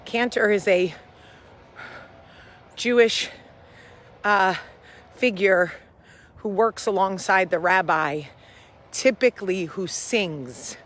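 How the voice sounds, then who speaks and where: A woman with a medium-pitched, slightly bright voice speaks slowly with long pauses. She hosts a casual outdoor vlog, out of breath as she walks uphill. She rambles, swears freely and laughs at her own jokes.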